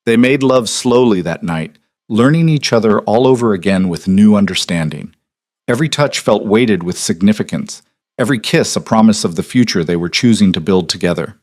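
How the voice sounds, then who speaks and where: A man narrating a romance audiobook in a calm, measured way. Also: fairly low pitch, dry recording, clean studio sound.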